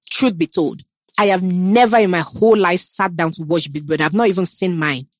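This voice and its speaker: A young Nigerian-accented woman, the guest in a casual interview, talks about herself confidently and emphatically, slipping into Pidgin. Her lowish voice moves fairly quickly, and the recording is dry and studio quality.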